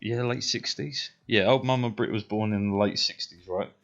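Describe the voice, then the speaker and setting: Casually storytelling during a gaming stream, the British thirtysomething rambles through personal tales thick with profanity and keeps asking "right?" He has a steady, slightly bright voice on the low side at a moderate pace; the audio is dull, with faint music.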